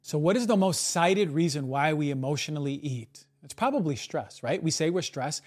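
A man hosting a podcast, talking in an emphatic monologue and often tagging a quick "right?" onto his points. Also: fairly high pitch, expressive, darkish tone, breathy edge. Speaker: podcast host.

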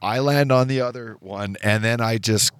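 A man co-hosting a casual podcast, telling a story in an animated way, swearing and acting out the voices of other people. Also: medium pitch, moderate pace, smooth, dry recording. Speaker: podcast co-host.

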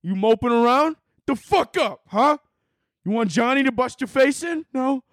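A man voicing a big, menacing Italian mobster who shouts coarse threats. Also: extremely high pitch, lively intonation, moderate pace, no room sound, studio quality, voice pushed up.

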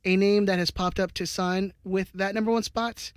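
Guy hosting a sports podcast, high voice, teasing, dry close sound. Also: fairly even intonation, moderate pace, few pauses, clean tone, no room sound. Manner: playful, teasing, reads out viewer comments. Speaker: podcast host. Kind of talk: casual sports podcast chat.

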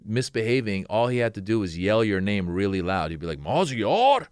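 Male comedian guest, forties, from Iran, low smooth voice, dry close sound, animated anecdotes. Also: fairly quick, no room sound. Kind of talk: casual interview storytelling.

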